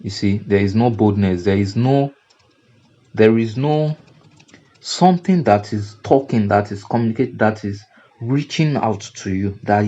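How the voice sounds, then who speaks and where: A graphic design instructor with a Nigerian English accent gives a screen-recorded tutorial lecture, unhurried and explanatory, circling back and repeating his points with frequent "now" and "you see." His voice is low and mellow, and the recording is dull and lo-fi.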